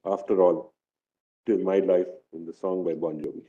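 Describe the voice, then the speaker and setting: Dark-voiced Indian judge reading a ruling. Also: male voice, low voice, fairly even intonation. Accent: Indian English. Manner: measured, formal reading with pauses. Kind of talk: reading a court judgment aloud. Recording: dull lo-fi courtroom broadcast.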